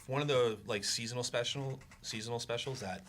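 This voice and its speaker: A man helping run a comic convention, filling in details in a slightly halting casual chat. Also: medium pitch, a bit bright, slight background noise.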